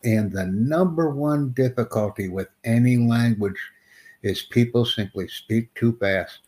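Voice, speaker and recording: A man hosting a live-streamed English interview lesson, who speaks slowly and deliberately and sternly corrects a student. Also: mid-range voice, dark tone.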